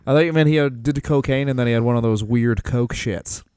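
A man's voice: medium pitch, fairly quick, darkish tone, clean tone. A man co-hosting a comedy podcast, teasing playfully with frequent giggles. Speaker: podcast co-host. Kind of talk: crude comedic chat.

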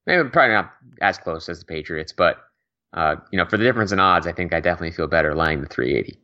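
A man's voice: low-pitched, expressive, pushed and bright, lo-fi sound. A man co-hosting a sports betting podcast, chatting casually with many fillers. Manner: quick, conversational, many fillers and laughs. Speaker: podcast co-host.

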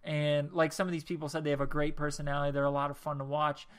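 A man's voice: on the high side, flat delivery, fast, smooth. A man hosting a casual solo podcast, reading text aloud in a rambling, jokey way and tripping over words. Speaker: podcast host.

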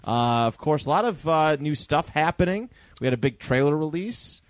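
A man's voice: fairly high pitch, expressive, normal speed, no echo. A man hosting a podcast, introducing a guest and topics in an easygoing, chuckling way. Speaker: podcast host. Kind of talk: casual podcast banter.

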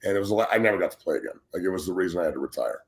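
Heated, profane man with a low voice. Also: lively intonation, racing. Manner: blunt, heated and heavily profane; repeats words when starting sentences. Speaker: guest, former football player. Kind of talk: casual sports talk show rant.

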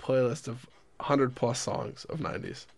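A man's voice: mid-range voice, unhurried. A young man co-hosting a casual radio chat, rambling and self-deprecating as he jokes. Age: young adult. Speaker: co-host.

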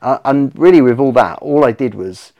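A man chatting on a podcast as a guest, telling stories in a rambling, animated way with lots of fillers. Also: mid-range voice, moderate pace, highs cut off. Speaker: podcast guest, soap brand owner. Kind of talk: casual podcast chat.

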